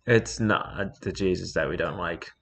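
A man's voice: deep voice, measured pace, creaky, fairly bright tone. A young man hosting a mocking read-through of fan fiction, with sarcastic asides. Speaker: host.

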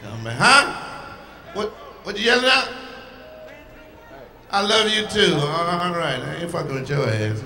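A male stand-up comedian roasting the crowd in a big live hall, his raised voice echoing back off the room. He talks loud and profane, and his pitch swings wide as he jabs at people in the seats. Steady room noise sits under every line. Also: measured pace, pauses often. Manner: profane, loud, teasing the audience. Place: large comedy venue with live audience.

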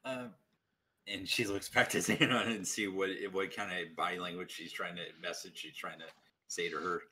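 Low-voiced guy playing a tabletop game, bright tone, faint noise. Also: little pitch movement, moderate pace. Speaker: player narrating his character. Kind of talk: tabletop role-play.

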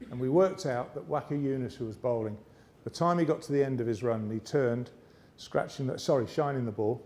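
Onstage at an arts centre before a live audience, an English motivational speaker spins a cricket yarn in a mid-range voice. His anecdotal storytelling speech is lively, full of character voices.

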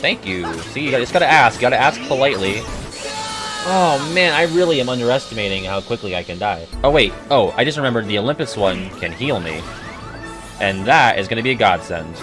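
A man commenting on his gameplay in a loose, excitable way, swearing freely and yelping at the action. His pitch jumps all over the place, and game music plays clearly behind him. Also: normal speed. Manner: excitable, swears a lot, yelps and exclaims at the action. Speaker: let's play commentator.

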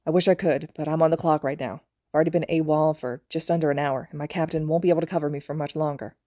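Woman doing male paramedic, earnest, hurried, polite, low voice. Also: fairly even intonation, dark tone, dry recording, studio quality. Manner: polite, apologetic.

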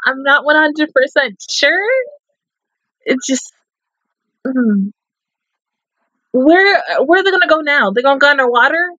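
Expressive young woman reacting, dry dull mic. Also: sits high, no echo. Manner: expressive, swears, laughs often, talks back to the screen. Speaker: anime reaction YouTuber. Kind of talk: casual reaction commentary.

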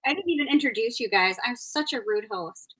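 A woman's voice: a little high, expressive, fairly quick, fairly bright tone, slightly rough. A woman hosting a craft livestream, chatting casually and encouraging her viewers. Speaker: host.

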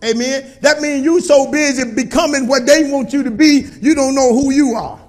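High-pitched preaching man. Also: normal speed. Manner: call-and-response preaching, colloquial, rising to shouts. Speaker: pastor. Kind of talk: sermon.

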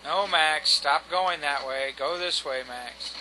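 Exasperated, cursing high-voiced man gaming. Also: takes it slowly, sharp tone, slight background noise, poor audio. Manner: exasperated, swears at the game and himself. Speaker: gameplay commentator. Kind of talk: casual let's-play commentary.

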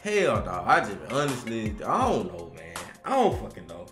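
A man hosting a reaction video, talking loudly and casually with lots of swearing and sudden shouts. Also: lowish voice, moderate pace, over music. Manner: loud, animated, swearing, rising to shouts. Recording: roomy echo.

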